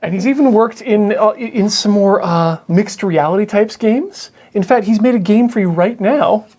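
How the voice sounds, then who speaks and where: A man playing a storytelling card game on a stream, spinning a loose, rambling pitch with deadpan setups. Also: moderate pace. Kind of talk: casual improvised storytelling.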